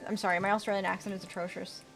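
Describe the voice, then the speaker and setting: A woman's voice: a little high, sing-song, moderate pace, fairly bright tone, faint music behind. A woman streaming a video game, chatting casually, reading out and answering her chat and swearing now and then. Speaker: VTuber streamer. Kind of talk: casual live-stream gameplay commentary.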